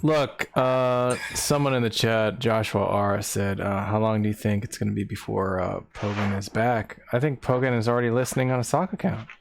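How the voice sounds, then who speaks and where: A man's voice: on the low side, fairly even intonation, normal speed, vocal fry, few pauses, no room sound. A man hosting and moderating a casual online voice chat room, wry and laid-back.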